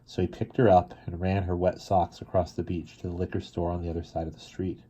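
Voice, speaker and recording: A man reading a children's novel aloud in a quiet, measured way. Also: little pitch movement, husky. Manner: quiet, measured, drops low for sad moments. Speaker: reader.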